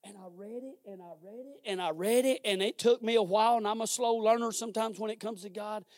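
A male pastor preaching a sermon in a conversational, exhorting way, swinging from hushed words to shouted emphasis. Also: sits high, fairly quick, no echo, studio quality. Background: instrumental music underneath.

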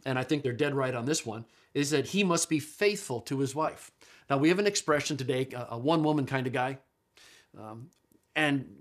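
A man with a mid-range voice delivers a relaxed classroom lecture. He thinks out loud, restarts phrases often, and leans hard on quoted lines, drawing them out for emphasis. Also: medium pitch. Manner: conversational, thinks aloud with many restarts and fillers; slows and stresses quoted verses. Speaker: lecturer on Bible translation.

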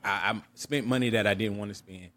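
Guy on a podcast, lowish voice, earnest, kinda stumbles n repeats himself while he tells his story. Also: normal speed, a bit bright, dry recording. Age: adult. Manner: earnest and reflective, often restarts and repeats words. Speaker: podcast co-host. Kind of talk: candid personal storytelling.

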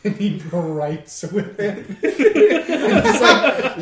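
A man's voice: high voice, wildly swooping pitch, drawn-out words. A young man in casual chat, swearing freely and laughing as he retells comedy sketches. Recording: echoey room, far from the mic, crowd noise behind.

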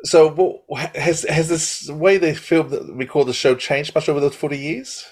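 A man hosting an interview, asking relaxed, friendly questions. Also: a little high, moderate pace. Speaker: interviewer, podcast host. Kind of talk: casual interview chat.

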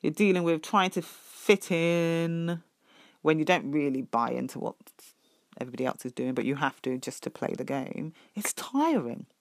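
A middle-aged woman, telling her own story as a parent in an emphatic, animated way. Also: low voice, normal speed, no echo, studio quality. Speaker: parent sharing her experience. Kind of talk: personal podcast testimony.

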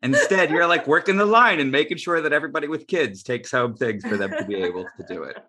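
A man's voice: fairly high pitch, animated, fast talker, pushed and bright, a little hiss or hum. A man interviewing a guest, friendly, often laughing while he talks. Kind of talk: conversational interview.

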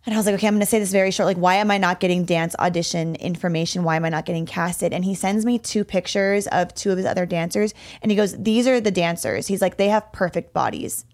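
A young adult woman in casual podcast chat, telling personal stories in a candid, expressive way and swearing freely. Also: on the low side, fast talker, few pauses.

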